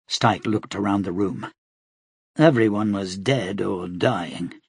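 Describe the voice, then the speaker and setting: A male audiobook narrator reading in a slow, steady, dramatic way. His voice is gravelly and husky, and the recording sounds dry and close. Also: lowish voice, no room sound. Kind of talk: scripted narration.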